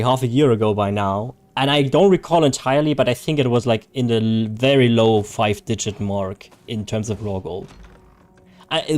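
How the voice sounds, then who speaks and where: A man's voice: medium pitch, darkish tone. A man chatting casually on a live game stream, reading viewer chat, joking and laughing often.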